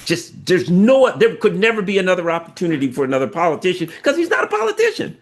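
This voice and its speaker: This is a man from the United States in a casual political discussion. His voice sits somewhat high and ranges widely as he stresses his points. He acts out quoted speech as he goes. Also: big pitch swings, fast talker. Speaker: political commentator guest.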